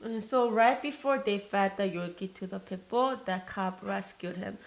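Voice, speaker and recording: A woman's voice: medium pitch, moderate pace, hardly any pauses, low-quality recording. Young woman vlogger rambling over food, lots of um and like, gets emotional, bit of mic static. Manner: rambling, emotional, many fillers and restarts. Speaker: mukbang vlogger. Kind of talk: casual chat while eating.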